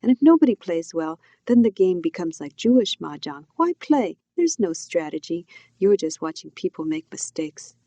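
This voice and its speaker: A woman's voice: on the low side, sing-song, normal speed, dark tone, no room sound. A woman doing a blunt, instructive immigrant mother. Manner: instructive, clipped broken English. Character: blunt older immigrant mother, matter-of-fact.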